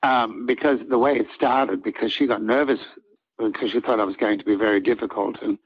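An older man, an actor guest in an interview, telling reflective stories in an earnest, halting way with many restarts. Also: on the low side, steady tone, breathy edge. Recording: dull lo-fi audio.

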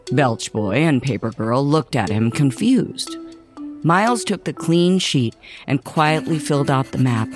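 Slow, expressive male storybook narrator. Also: medium pitch. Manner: expressive, measured. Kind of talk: scripted children's story narration.

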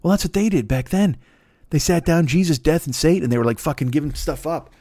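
A man's voice: on the high side, lively intonation, fast talker, mellow, no room sound, studio quality. A man in his fifties hosting a solo podcast from his desk at home, rambling and swearing through a late-night rant with many restarts. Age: 50s. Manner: rambling, profane, self-mocking, with many restarts and fillers. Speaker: podcast host. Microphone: plugged-in podcast microphone.

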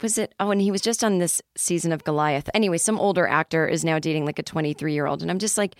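A woman's voice: sits low, fast, hardly any pauses, no room sound, studio quality. Chatty, rambling woman podcast host. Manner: chatty, rambling, self-deprecating. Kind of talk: casual comedic monologue.

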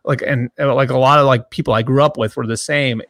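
A man in his thirties, a sports journalist who grew up near Boston, answering interview questions in a halting way with many restarts and fillers. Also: medium pitch, steady tone, a bit bright, dry recording, clean studio sound. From grew up in the Boston area.

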